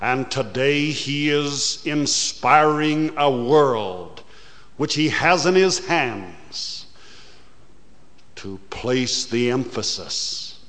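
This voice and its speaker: A man preaching a sermon, slow and deliberate, rising to loud, fast bursts before dropping low again. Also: lively intonation, big-room sound.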